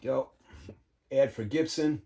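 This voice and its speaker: A man's voice: medium pitch, slow pace, dark tone, slight background noise. A man, casually talking viewers through his record collection, enthusiastic and loose, saying "man" and "all right" a lot. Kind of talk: casual show-and-tell vlog.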